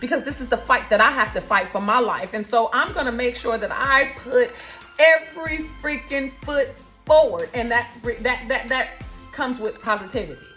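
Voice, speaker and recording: Expressive woman, folksy, chatty, slightly high voice. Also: normal speed, faint music behind. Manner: animated, expressive, folksy, calls listeners honey. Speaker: cancer survivor telling her story. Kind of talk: casual storytelling to camera.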